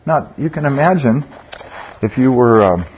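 An older man with a medium-pitched, expressive voice leads a Bible study group at a moderate pace, talking conversationally and posing questions to the group amid fillers and restarts. The lo-fi recording sounds dull and carries a slight hiss or hum.

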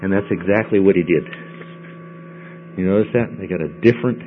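A man's voice: sits low, brisk. Man teaching a Bible lesson. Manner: conversational, checks in with frequent "okay?". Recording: dull lo-fi recording with mains hum.

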